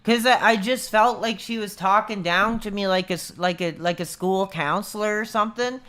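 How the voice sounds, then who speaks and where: A man's voice: sits high, moderate pace, pushed and bright. A man in his thirties chatting casually on a livestream, rambling and laid-back, calling everyone dude. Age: 30s. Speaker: streamer.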